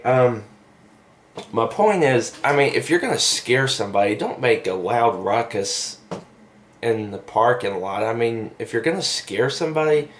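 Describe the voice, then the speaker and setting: A young man telling a story in a casual vlog, rambling with lots of fillers and asides, recorded on a camera mic. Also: mid-range voice. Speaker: vlogger.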